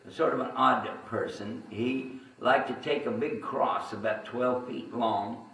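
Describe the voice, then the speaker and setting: In a roomy recording from a distant mic with a little hiss or hum, a Texan man tells an audience his personal story as a religious speaker, chatty and full of asides. His medium-pitched, slightly bright voice has fairly even intonation and a measured pace.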